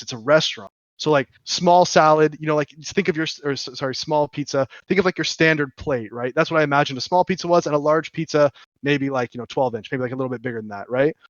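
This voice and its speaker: A man telling stories on a podcast in a casual, animated, profane way, often restarting his sentences. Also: fairly high pitch, no room sound, lo-fi sound. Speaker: podcast co-host. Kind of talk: casual storytelling chat.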